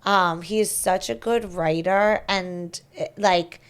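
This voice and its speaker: A woman's voice: fairly low pitch, fairly even intonation, slow, smooth. A woman podcast host in casual chat, telling a story with lots of back-and-forth and quoted messages.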